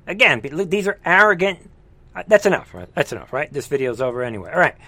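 A man's voice: fairly high pitch, quick pace, sharp tone, no echo. A man hosting a live reaction commentary show, heated and scornful, with mocking asides. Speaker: political commentary host.

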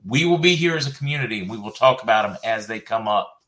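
Chatty Southern man with a bright voice. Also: fairly low pitch, lively intonation, fast. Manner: chatty, laughs often, jumps between comments. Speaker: host reading viewer comments. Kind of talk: casual livestream chat.

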